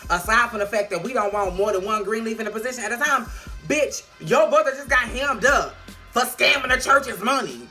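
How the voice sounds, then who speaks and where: A man giving a casual, sassy recap of a TV episode, outspoken, playful and quick with profanity. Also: very high voice, pushed and bright, faint music behind. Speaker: TV show reviewer.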